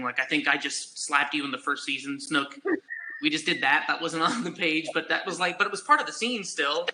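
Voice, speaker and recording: A man, an actor guest on a video-call panel, talking in halting runs full of filler words. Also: a little high, sharp tone, a little hiss or hum, rough recording. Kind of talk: casual panel chat.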